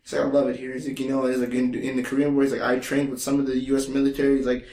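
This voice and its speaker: Man, podcast co-host, casual chat, animated, acts out quotes, roomy echo. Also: medium pitch, rapid-fire. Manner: animated storyteller, swears freely, acts out quotes.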